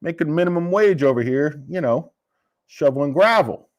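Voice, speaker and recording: A man's voice: fairly high pitch, animated, moderate pace, highs cut off. A man ranting casually about a stock, combative and profane. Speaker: stock market commentator. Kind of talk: casual investing rant.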